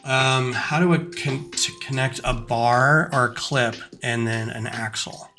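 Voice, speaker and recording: A man's voice: medium pitch, unhurried, faint music behind. A man chatting casually on a livestream while designing brick models. He rambles through stories and mutters asides to himself as he works. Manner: rambling, animated storytelling mixed with muttered asides.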